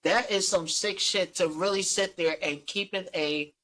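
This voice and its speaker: This Philadelphia-accented co-host has a high, pushed, bright voice with fairly even intonation and an unhurried pace. In casual podcast chat he rants with heat, profanity, and repetition, captured on a low-quality recording.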